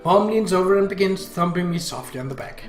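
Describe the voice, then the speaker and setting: A man reading a visual novel aloud, narrating in a measured, earnest way. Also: high voice, lively intonation. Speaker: reader. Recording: roomy echo, faint guitar music.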